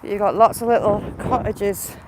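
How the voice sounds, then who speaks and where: A woman's voice: mid-range voice, steady tone, normal speed. A woman with a Northern English accent mixing Yorkshire and Geordie, live-streaming a walk through a village on a handheld phone. She chats away, greets viewers by name and points things out. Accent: Northern English, Yorkshire and Geordie mix. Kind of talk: casual live walk-and-talk. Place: outdoors in a village, walking. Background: crows calling, faint outdoor noise.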